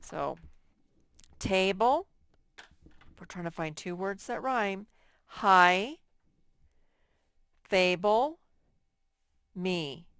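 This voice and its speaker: A woman's voice: mid-range voice, animated, fairly bright tone, smooth, no echo, clean studio sound. A woman teaching a recorded phonics lesson to first graders, patient and spelling things out word by word. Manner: slow, patient, drawn-out word by word.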